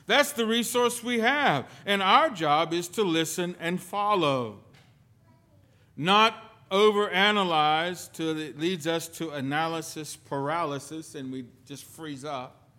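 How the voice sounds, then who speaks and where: A man preaching a sermon as pastor, telling stories with sudden swings between loud and soft. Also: on the high side, slow. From lived in the United Kingdom.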